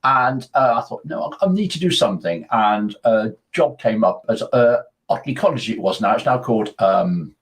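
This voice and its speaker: A man's voice: fairly low pitch, lively intonation, moderate pace, hardly any pauses. An older man from Birmingham with a Birmingham accent, a radio presenter chatting casually with many restarts. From Birmingham, England. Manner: chatty, self-deprecating, lots of restarts.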